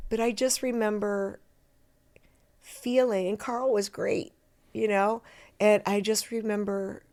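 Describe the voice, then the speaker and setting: A middle-aged actress chatting as a podcast guest, self-deprecating and lively, slipping into voices as she tells stories. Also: medium pitch. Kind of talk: casual interview chat.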